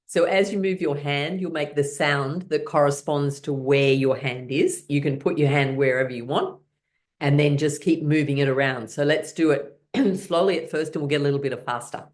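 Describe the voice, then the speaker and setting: A woman's voice: low voice, normal speed, a little mellow. A woman teaching a guided laughter exercise class, coaching her listeners in an encouraging, playful way.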